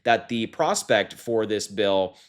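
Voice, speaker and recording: A man's voice: on the low side, animated, slow, smooth. A young man giving casual political commentary, sarcastic and incredulous, often laughing at what he reads. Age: young adult.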